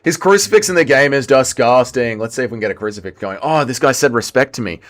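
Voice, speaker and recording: Man in his thirties, animated. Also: mid-range voice, quick pace, few pauses. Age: 30s. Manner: banter, reading chat aloud while playing. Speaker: streamer. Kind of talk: casual livestream gaming commentary.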